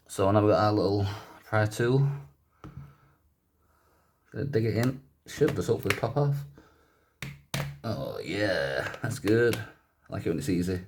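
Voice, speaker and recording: A man with a lowish voice chats his way through taking a gadget apart. He rambles and keeps stopping to correct himself. His manner stays relaxed and offhand. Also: vocal fry, slight background noise. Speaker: YouTuber doing a gadget teardown. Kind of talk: casual teardown commentary.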